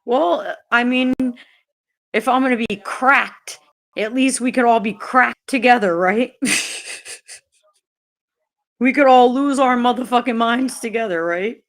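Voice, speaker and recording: A woman's voice: on the high side, a little slow, long pauses. A woman live-streaming, talking casually to her chat, laughing often and swearing freely. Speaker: livestreamer.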